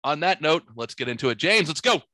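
Bright-voiced profane podcast host man. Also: on the high side, very animated, brisk, dry recording. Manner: profane, rambling storyteller. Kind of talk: casual podcast chat. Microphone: studio microphone.

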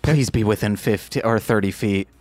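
A man playing a tabletop game, thinking his moves through out loud. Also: fairly low pitch, moderate pace, no echo, soft background music. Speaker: player. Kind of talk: casual tabletop game chat.

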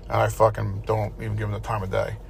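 A man's voice: on the low side, completely flat delivery, fast, vocal fry. Profane, rambling storyteller man. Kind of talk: casual storytelling chat.

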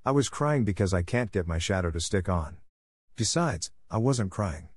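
A man's voice: deep voice, animated, moderate pace, a little mellow, breathy edge, no echo, clean studio sound. A man voicing a cocky, boastful young boy in a read-aloud storybook, speaking brashly and indignantly.

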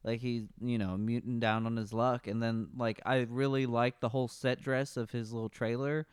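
Smooth-voiced man, sarcastic movie podcast. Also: medium pitch, little pitch movement, moderate pace, dry recording, clean studio sound. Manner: sarcastic, profane, laughs often. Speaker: podcast co-host. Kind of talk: casual movie review chat.

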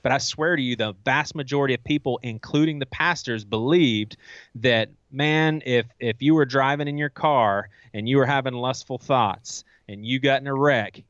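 A man being interviewed, telling candid stories about his past in a casual, animated way and acting out what he once said to himself. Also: medium pitch, normal speed, no echo, highs cut off. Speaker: guest author.

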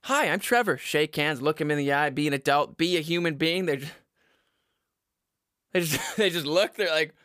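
A man's voice: fairly high pitch, normal speed, bright, forceful tone, no room sound, clean studio sound. A man in his twenties rambling crudely at home to his viewers, often laughing at his own jokes and stumbling over his words. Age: 20s. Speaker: vlogger giving dating advice. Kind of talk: casual rambling monologue to camera.

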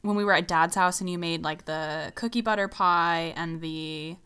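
A woman's voice: fairly low pitch, moderate pace, pushed and bright, clear, resonant tone. A young woman in casual chat with her sister, easygoing and teasing, with plenty of fillers. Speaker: co-host chatting with her sister.

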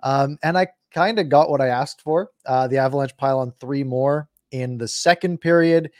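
A man's voice: medium pitch, moderate pace, darkish tone, no room sound. A man co-hosting a sports podcast, talking through recent games in a loose, rambling way with a dry, sarcastic edge. His voice sits in a middle register and is recorded close in a dead, dry space with no room sound. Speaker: podcast co-host. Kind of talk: casual sports chat.

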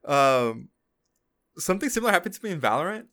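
A man's voice: fairly high pitch, sing-song, fast talker, fairly bright tone. A man co-hosting a gaming podcast, telling a story in casual chat with lots of fillers. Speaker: podcast co-host.

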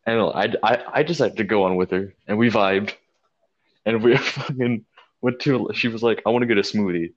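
Male podcast co-host, lower voice, animated profane storyteller, dull lo-fi sound. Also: normal speed. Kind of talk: casual storytelling chat.

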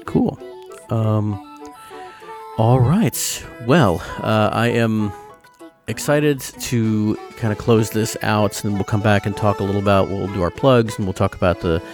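A man hosting a podcast in casual chat, relaxed, laughing easily and using many fillers. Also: lowish voice, measured pace, music in the background. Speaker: podcast host.

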